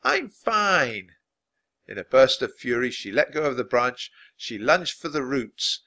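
A man reading a children's book aloud, expressive and dropping low for narration. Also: normal speed. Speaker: storybook reader.

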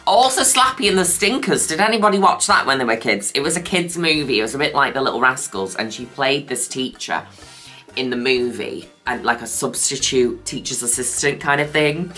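Deep-voiced, gushing woman makeup vlogger. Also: lively intonation, brisk, sharp tone, soft background music. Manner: gushing, cheeky, chatty. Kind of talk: casual makeup review.

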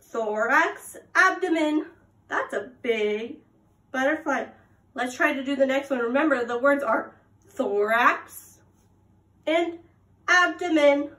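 A young woman's high-pitched, animated voice with a fairly bright tone carries through an echoey room. She's a preschool teacher at circle time, reading slowly and sing-song while prompting the kids with big gasps and questions.

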